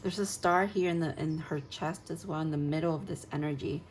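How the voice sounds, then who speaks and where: A woman's voice: low voice, fairly even intonation, fairly quick, a little mellow, slight background noise, poor audio. A woman tarot reader talking through a casual spoken card reading, dreamy and gushing, rambling with fillers.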